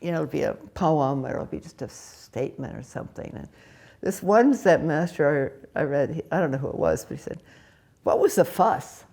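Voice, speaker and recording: A woman's voice: deep voice, animated, a little fast, gravelly, dark tone. An older woman Zen teacher giving a candid, laughing, conversational dharma talk and answering questions. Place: meditation hall.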